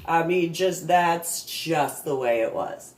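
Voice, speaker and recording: A woman's voice: low-pitched, takes it slowly, faint music behind. A woman in her forties, a reverend, rambling through a personal story with sarcastic asides and repeated words. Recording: echoey room.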